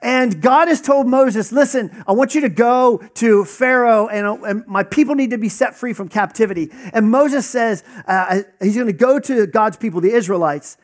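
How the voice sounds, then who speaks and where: A man's voice: very high voice, moderate pace, few pauses. A man preaching a conversational sermon, teaching casually with lots of fillers and acted-out dialogue.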